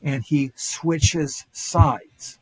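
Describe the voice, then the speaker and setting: An older man with a slightly raised pitch and a husky edge, telling ancient stories as a podcast guest. He jumps into quoted dialogue and trips through restarts and fillers. The sound is close and dry. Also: very slow, no echo, low-quality recording. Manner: animated retelling with acted quotes, many fillers and restarts. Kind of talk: casual storytelling lecture.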